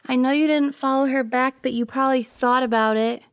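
A woman's voice: high-pitched, fairly even intonation, brisk, dry recording, clean studio sound. A young woman voicing a jealous, possessive girlfriend in an audio role-play, pouty and teasing, sometimes dropping to a whisper.

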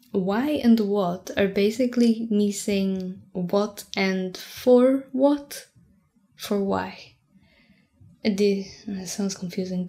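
A woman playing a giggly French tutor, whispered role-play. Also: medium pitch. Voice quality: soft, mostly whispered voice, giggly. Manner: gentle, teasing, chatty. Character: playful young French woman teaching a friend French.

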